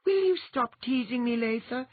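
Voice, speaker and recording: A man's voice: very high voice, expressive, moderate pace, no echo, narrow, tinny audio, pitched above the performer's own voice. A man doing Andine, a tiny nervous young noblewoman. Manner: breathy, nervous and earnest.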